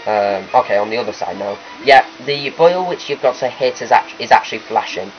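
The lo-fi recording carries faint game music beneath a man's medium-pitched voice, which moves a little fast. He is hosting a let's play, chatting through the gameplay in a rambling way and correcting himself often.

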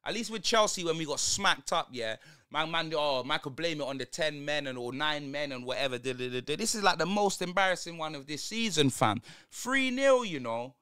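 A man's voice: on the high side, fairly quick, sharp tone, clear, resonant tone. A young man ranting through a live football watch-along, heavy on street slang and exasperation.

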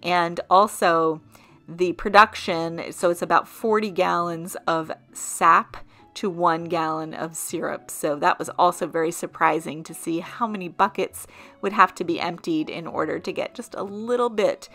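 A woman from southern Vermont narrating her vlog as host, in an even, informative voice-over. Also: fairly low pitch, unhurried.

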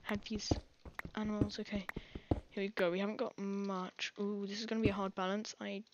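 A woman's voice: medium pitch, flat delivery, fairly quick, muffled recording, very noisy. An English woman giving rambling, jittery live commentary over her own gameplay, full of panicked exclamations. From England. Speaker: gaming channel host.

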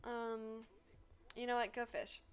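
Sarcastic woman streamer, higher voice. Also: flat delivery, takes it slowly, smooth. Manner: sarcastic, swears freely, scolds game characters aloud. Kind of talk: casual commentary while playing a life-sim game.

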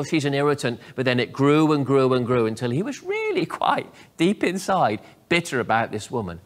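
A man, a pastor preaching a sermon. He acts out quoted prayers and dialogue with lively swings in delivery. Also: fairly high pitch.

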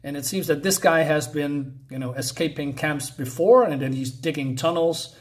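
Man, comic book walkthrough, casual, halting, lots of fillers, self-deprecating. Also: fairly high pitch. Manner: hesitant, many fillers and self-corrections; chatty, laughs at himself.

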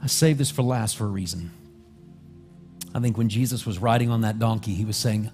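A man's voice: lowish voice, a little fast. A male pastor preaching a sermon in a church, telling the story vividly and acting out its scenes. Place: church sanctuary. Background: soft music.

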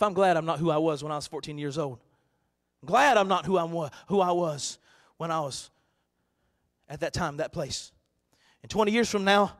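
A man preaching a sermon in a church, moving from quiet storytelling to loud, sung-out preaching. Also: on the high side. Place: church sanctuary.

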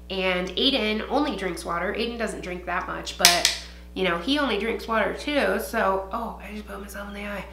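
At home in Ohio, a young beauty vlogger talks through her get-ready-with-me routine, meandering, cursing casually and filling gaps with lots of fillers. She has a mid-range voice with vocal fry, pushed and bright, captured in a reverberant space with a little hiss or hum.

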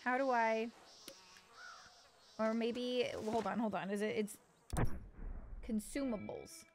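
A woman's voice: fairly high pitch, steady tone, slow pace, a little hiss or hum. A woman streamer giving playful, chatty let's play commentary to her viewers.

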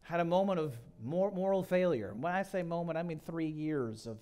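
A middle-aged man preaching a sermon. He tells the story dramatically, swinging from loud to hushed. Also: a little high, lively intonation, normal speed. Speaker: guest pastor.

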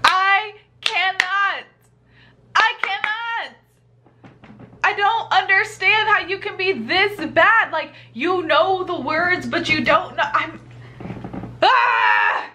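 A woman with a high, bright voice gives casual reaction commentary. She sounds incredulous and exasperated, and her speech comes slowly. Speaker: reaction video host.

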